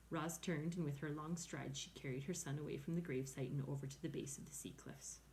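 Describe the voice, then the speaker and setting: A woman reading a children's novel aloud in a clear, steady storytelling manner. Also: low-pitched, brisk, few pauses, a little hiss or hum. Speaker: reader.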